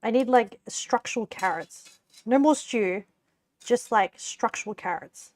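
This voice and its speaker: Her voice fairly high, expressive, slightly slow and darkish, a young Australian woman makes casual chat on a live stream as she cooks. She giggles often and rambles, dropping "like" again and again.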